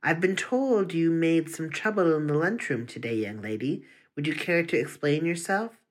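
A reader playing a middle-aged male school principal, stern and lecturing, in a story read aloud. The pitch sits in the middle and the delivery is firm and threatening. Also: expressive, moderate pace, lightly acted.

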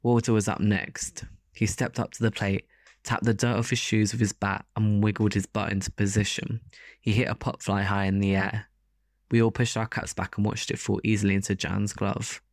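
A man narrating a first-person story as an audiobook in a steady, even delivery. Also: fairly low pitch, moderate pace, no room sound, clean studio sound.

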